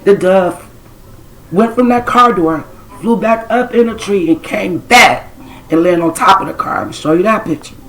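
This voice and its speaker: A woman's voice: medium pitch, moderate pace, a bit bright, slight background noise, rough recording. A woman telling a personal spiritual story to her viewers in a casual, blunt, streetwise way, cursing now and then. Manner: blunt and streetwise, swears, talks straight to the camera's audience. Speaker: self-described spiritual intuitive.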